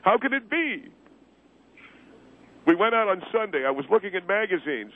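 A man's voice: high voice, sing-song, moderate pace, voice pushed up. A man putting on a whiny, touchy caller on a phone line. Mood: indignant.

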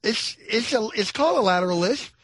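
A middle-aged male radio host with a high, husky voice rambles through a sarcastic comic monologue. His pitch swings widely, and the sound is dry and close on the mic. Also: animated, brisk, a bit bright, dry recording. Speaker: radio talk show host. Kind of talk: comedic talk radio monologue.

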